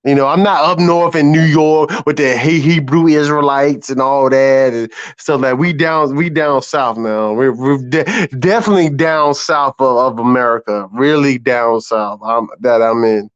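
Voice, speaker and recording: A man's voice: mid-range voice, smooth, dry recording. Drawling Southern US man, muffled audio. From South Carolina, US. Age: 30s. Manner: slow drawling, swearing freely. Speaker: guest on a live stream panel. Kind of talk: casual chat. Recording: dull lo-fi call audio.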